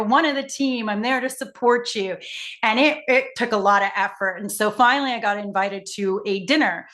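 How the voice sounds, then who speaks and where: A middle-aged woman, a facilitator and coach, telling stories in a casual conversation and acting out the dialogue. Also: mid-range voice. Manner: animated, acts out dialogue in her stories.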